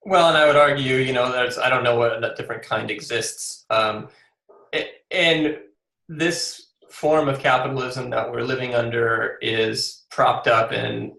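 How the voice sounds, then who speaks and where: Male interview guest, gravelly voice, earnest, often restarts, echoey room. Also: medium pitch, fairly even intonation, unhurried, pushed and bright. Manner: earnest, many fillers and restarts. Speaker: guest author. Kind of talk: casual interview.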